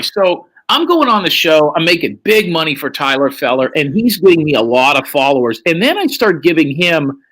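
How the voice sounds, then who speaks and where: A man with a fairly high, very lively voice, telling a long story as a guest on a live stream. He swears freely and throws his voice up high when he acts out what other people said. His speech swings widely in pitch from line to line. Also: rough recording. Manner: profane, acts out quoted lines in a raised voice. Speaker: livestream guest. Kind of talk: animated storytelling.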